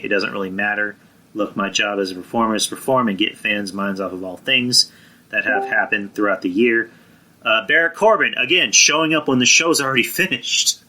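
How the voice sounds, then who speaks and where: A man's voice: lowish voice, brisk, sharp tone, low-quality recording. A man hosting a live wrestling stream, rambling in a casual, profane way and answering viewers in the chat. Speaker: podcast host.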